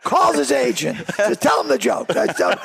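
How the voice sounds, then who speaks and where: A man with a Boston accent, a comedian guest telling animated show-business stories in casual chat. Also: very high-pitched, normal speed. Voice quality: gravelly raspy voice. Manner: animated storyteller acting out quotes. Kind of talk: storytelling chat.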